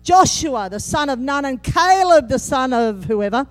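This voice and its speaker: Woman preacher, high lively voice swinging all over, jokes around and acts out the quotes in a sermon. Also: measured pace. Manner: animated, humorous, acts out quotes with big pitch jumps.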